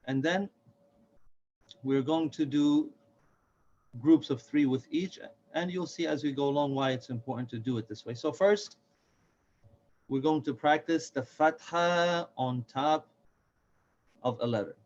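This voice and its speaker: A man's voice: on the high side, a little mellow, slight background noise. Patient man teaching letter sounds, lo-fi. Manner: patient, repeats each sound slowly for learners. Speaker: Quran reading teacher. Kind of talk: step-by-step recorded lesson. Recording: dull lo-fi recording.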